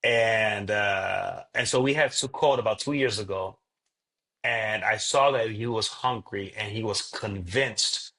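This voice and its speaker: Lower-pitched male pastor telling a story. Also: a little slow. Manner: animated storyteller, acts out quoted dialogue. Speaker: pastor and podcast guest. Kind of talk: casual storytelling interview.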